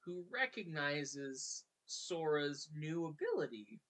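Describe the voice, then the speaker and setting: A podcast host retelling a video game story in a casual, chatty way, now and then slipping into quick character voices. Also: medium pitch, lively intonation, fairly bright tone.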